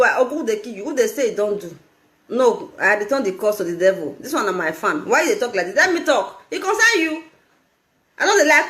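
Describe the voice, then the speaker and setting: A Nigerian woman with a high, sharply rising and falling voice runs a live stream. She scolds and laughs often as she talks. The sound is roomy and echoing. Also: pushed and bright. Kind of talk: casual live-stream commentary.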